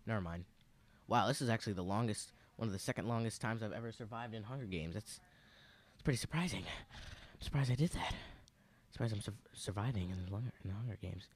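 A man's voice: on the low side, quick pace. A young man rambling through gaming commentary, arguing with himself and slipping into silly voices. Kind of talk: let's play commentary.

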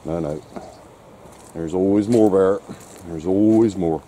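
A man's voice: deep voice, slow pace, dark tone, a little hiss or hum. Dry-witted man walking his dog. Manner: dry, wry remarks, often talking to his dog. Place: outdoors on a wet shore and woods.

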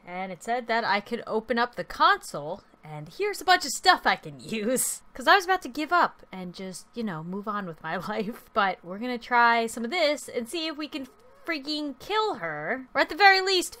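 A woman hosting a let's play, commenting in an excitable, exclamatory way and playfully threatening the game character. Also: fairly high pitch. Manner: excitable and exclamatory, openly frustrated. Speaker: gaming video host.

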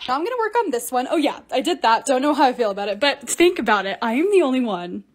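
A young woman chatting through her own vlog, narrating each task step by step in an excitable, casual way. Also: sits high, quick pace. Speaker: TikTok creator.

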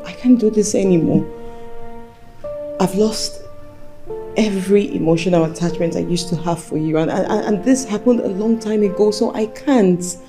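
A Nigerian actress playing a heartbroken young wife who speaks firmly and coldly. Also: female voice, mid-range voice, over music, natural voice. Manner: firm, cold, measured. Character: heartbroken, cold young wife seeking revenge.

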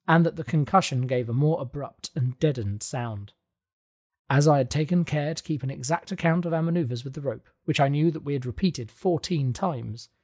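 A man reading a classic adventure novel aloud as audiobook narration, calm and even. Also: on the high side, breathy edge. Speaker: audiobook reader. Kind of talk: scripted narration.

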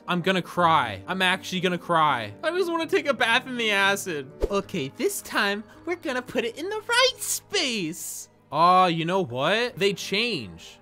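A young man commentates his own game over a desk mic, prone to dramatic outbursts and exaggerated complaints. His voice sits high and bright, with a lively swing between hushed muttering and sudden yelps. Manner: excitable, dramatic outbursts and groans. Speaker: gaming video host. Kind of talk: gameplay commentary.

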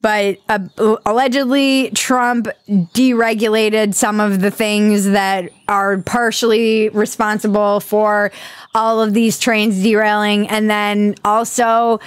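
A woman hosting a podcast, chatting casually with sarcastic, animated commentary. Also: mid-range voice, slow, clean tone, dry recording, studio quality. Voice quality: animated, sarcastic, jumps into silly voices. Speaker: podcast host. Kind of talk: casual comedic chat.

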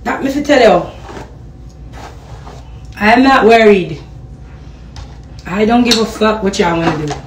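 A woman's voice: medium pitch, expressive, a little slow, long pauses, background noise. A woman with a Jamaican accent ranting heatedly on a live stream, firing off rhetorical questions and swearing in patois. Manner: patois slang and profanity. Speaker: social media personality.

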